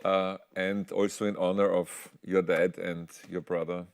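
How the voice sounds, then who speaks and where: A man's voice: low voice, level tone, a little slow, vocal fry. A man, a German speaker, hosting a talk show and courteously closing the interview. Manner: formal, courteous thanks. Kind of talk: interview sign-off.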